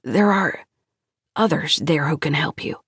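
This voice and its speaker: Female narrator playing guilty male scientist, shaky halting delivery, soft breathy tone, slow. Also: sits low, dry recording, clean studio sound, heavily acted. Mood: urgent. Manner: trembling, halting speech. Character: remorseful middle-aged male scientist, trembling and apologetic.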